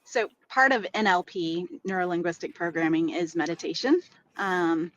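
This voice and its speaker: A woman podcast host with a low voice responds with enthusiasm and affirmation. Her audio sounds a bit dull and carries a faint hiss in the background. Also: normal speed, fairly bright tone. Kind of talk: casual interview chat.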